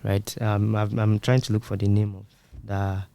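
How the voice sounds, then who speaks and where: A man's voice: lowish voice, completely flat delivery, normal speed, dark tone, lo-fi sound. A man co-hosting a tech podcast, explaining points in a casual, conversational way with everyday comparisons. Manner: explanatory, uses everyday analogies. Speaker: podcast co-host.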